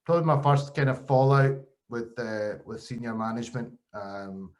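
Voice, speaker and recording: A man from Scotland tells his stories in a loose, chatty way and slips into the voices of the people he quotes. His pitch sits in a typical middle range for a man. He talks like a podcast host answering questions about his own past. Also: moderate pace. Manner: animated storytelling with quoted voices. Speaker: podcast host and former cricketer. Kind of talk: casual interview chat.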